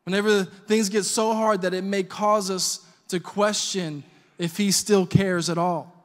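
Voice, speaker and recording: A man's voice: high voice, steady tone, unhurried, big-room sound. A man preaching a sermon as a pastor, conversational and joking as he tells stories. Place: church sanctuary.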